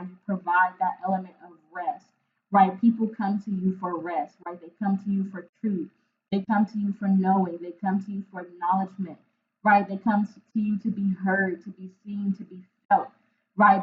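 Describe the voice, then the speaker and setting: An earnest woman talks through a tarot reading at a middling pitch, often stopping to find her words and checking in with "right?". Her voice comes through thin and narrow, like a phone line. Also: a little hiss or hum. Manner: emotional, searching for words. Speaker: intuitive tarot reader.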